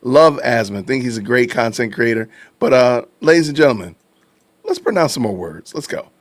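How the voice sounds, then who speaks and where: A man hosting a podcast livestream, reacting to clips and thanking viewers in animated, casual talk. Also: medium pitch, normal speed, no echo. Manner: animated, addresses chat casually. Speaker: podcast host. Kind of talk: livestream commentary.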